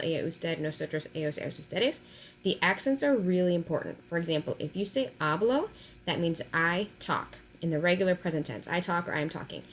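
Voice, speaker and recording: A woman teacher, explaining verb endings in a recorded lesson, slowing down to spell them out. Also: on the low side, slight background noise, rough recording. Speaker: high school Spanish teacher. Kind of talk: recorded video lesson at a whiteboard.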